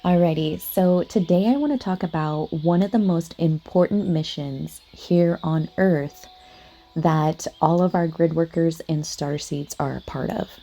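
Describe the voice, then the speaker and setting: A woman's voice: sits low, unhurried, dark tone. A woman hosting a spiritual podcast in a casual, chatty monologue, talking straight to her listeners with lots of "like" and "you know what I mean". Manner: earnest, addresses listeners directly.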